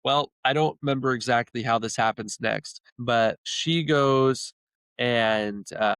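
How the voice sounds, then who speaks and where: A man's voice: medium pitch, unhurried, a bit bright, smooth, dry recording. A man, a podcast guest, retelling stories in a rambling, casual way with many restarts. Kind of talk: casual storytelling chat.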